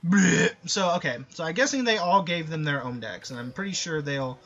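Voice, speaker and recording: A man's voice: fairly high pitch, lively intonation, brisk, fairly bright tone, highs cut off. A man giving casual, sarcastic, rambling commentary over a game. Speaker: gameplay commentator.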